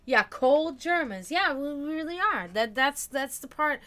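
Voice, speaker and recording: Bright chatty woman streamer. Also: sits high, lively intonation, measured pace. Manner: chatty, answers chat comments, many fillers and restarts. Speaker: livestream host. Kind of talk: casual livestream chat.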